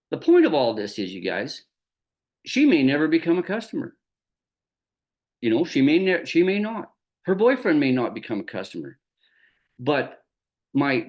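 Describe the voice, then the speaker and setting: A man from Canada talking through his business in a relaxed, folksy way. His pitch moves a lot, rising and dipping as he acts out back-and-forth conversations. It comes across like a friendly training talk to his team. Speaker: network marketing business trainer. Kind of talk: casual motivational talk with storytelling.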